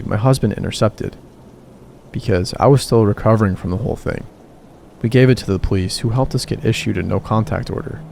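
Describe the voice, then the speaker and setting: A man's voice: lowish voice, gravelly, darkish tone, slight background noise. A man reading a true horror story aloud as scripted narration, giving quoted lines a little more lift. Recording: music bed under the voice.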